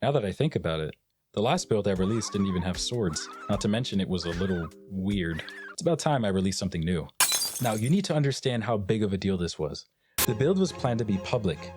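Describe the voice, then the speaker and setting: A man's voice: lowish voice, animated, fast, a little mellow, soft background music. A young man narrating his game development with a joking, self-mocking manner. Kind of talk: scripted devlog narration.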